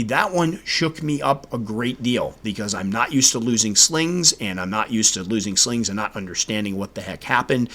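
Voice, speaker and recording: A man hosting a casual solo podcast, telling a story with animated delivery and acting out his own exasperated reactions. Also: fairly low pitch. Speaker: podcast host.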